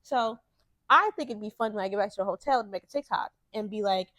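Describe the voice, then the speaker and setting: A young woman podcast host talks fast in a mid-range, fairly bright voice, recorded dry and close with no room sound. Her casual monologue is candid, profane storytelling that heats up when she rants.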